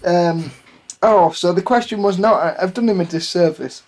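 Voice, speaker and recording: A man's voice: sits high, moderate pace, darkish tone. A man reading a listener's story aloud on a comedy podcast, laughing at it as he goes. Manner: giggly, keeps breaking into laughter.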